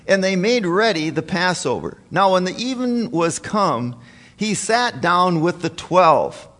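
Male preacher, unhurried and folksy, stumbling over restarts, voice ringing in a big church. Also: fairly high pitch, fairly bright tone. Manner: folksy, halting, with many restarts and fillers. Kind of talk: sermon with scripture reading. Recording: long hall reverb.

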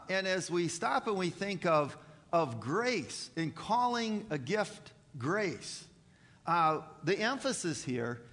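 A man preaching a sermon to his congregation, talking in a halting way with many fillers and restarts. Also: fairly high pitch, a bit bright, big-room sound. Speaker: pastor. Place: church.

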